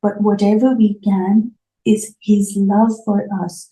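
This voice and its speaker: A woman giving a reflective spiritual talk, emotional and tearful, her voice soft and at times dropping to near whispers. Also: medium pitch, level tone, measured pace, roomy sound, poor audio. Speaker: spiritual art therapy host.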